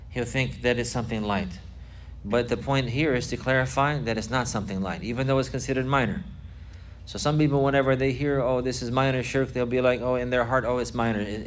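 Male religious teacher, mid pitch, repeats himself for emphasis, slight background hiss. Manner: repetitive, explanatory, emphatic. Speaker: Islamic teacher. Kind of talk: religious lesson.

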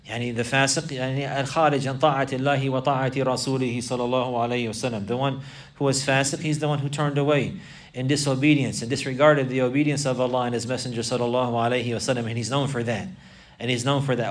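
A man's voice: medium pitch, steady tone, fairly quick, recorded from a distance. A man teaching a religious class, repeating phrases and quoting Arabic texts, then explaining them. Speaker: Islamic teacher. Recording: voice from away from the mic.

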